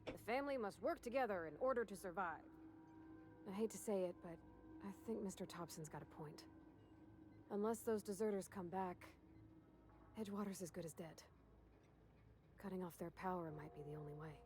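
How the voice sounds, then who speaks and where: An actress voicing a shy, earnest young woman in a video game, talking in a soft, apologetic, rambling way. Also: on the low side, normal speed, long pauses, music in the background, lightly acted. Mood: reluctant. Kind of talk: video game character dialogue.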